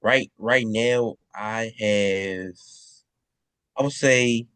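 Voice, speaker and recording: A man's voice: fairly low pitch, very slow, a bit bright, clean tone, dry recording. A man answering as a guest on a video call, hesitant, with many fillers and restarts. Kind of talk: casual interview answers.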